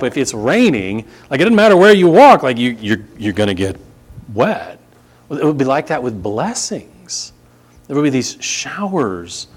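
A man preaching a sermon as pastor, reading scripture and exhorting the congregation. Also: medium pitch.

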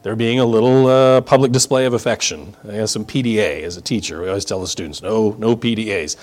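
A man's voice: on the low side, steady tone, fast, darkish tone. A man teaching the Bible in a conversational, emphatic sermon, explaining verse by verse. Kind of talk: expository sermon.

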